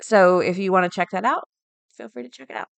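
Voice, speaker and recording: Chatty lady host reading an old news story, thinks out loud, dead dry room. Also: on the low side, fairly quick, gravelly, no room sound. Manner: chatty, thinks aloud with fillers. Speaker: podcast host. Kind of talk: casual chat, reading an article aloud.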